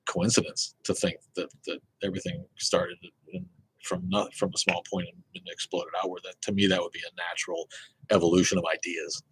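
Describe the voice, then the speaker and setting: A man's voice: low-pitched, little pitch movement, fairly quick, a bit bright, husky, rough recording. A man hosting a live atheist Q and A, talking casually and rambling, swearing freely and restarting his sentences. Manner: rambling, profane, many fillers and restarts. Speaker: host of an atheist live show.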